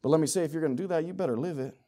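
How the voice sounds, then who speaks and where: Racing through his sermon, a middle-aged preacher alternates between loud, pressing exhortation and hushed, joking remarks to the people in the pews.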